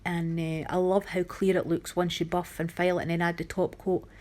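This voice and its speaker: Chatty woman, low voice. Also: little pitch movement, brisk, darkish tone. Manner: chatty, homely, self-critical. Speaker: nail art channel host. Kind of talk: voice-over tutorial narration.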